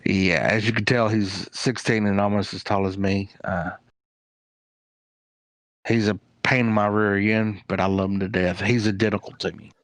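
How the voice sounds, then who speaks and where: A man's voice: fairly low pitch, fairly even intonation, normal speed, no echo. A man who is a guest on an interview show, telling rambling, plain-spoken stories about his family. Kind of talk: casual interview chat.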